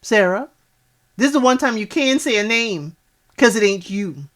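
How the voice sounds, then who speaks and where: A woman's voice: mid-range voice, expressive, normal speed, a bit bright. A woman giving a casual spoken recap of a reality show, chatty and sassy, talking back to the people on screen with lots of asides.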